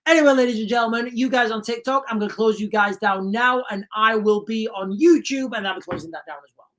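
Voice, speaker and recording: A woman's voice: a little high, quick pace. A woman hosting a casual livestream, rambling and repeating herself, earnest and emotional, often calling her viewers "guys". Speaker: livestream host.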